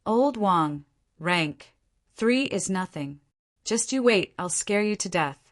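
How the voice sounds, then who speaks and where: A woman's voice: medium pitch, expressive, slow. A woman voicing a cocky young male martial arts student, boastful and easily exasperated, in an audiobook. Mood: smug.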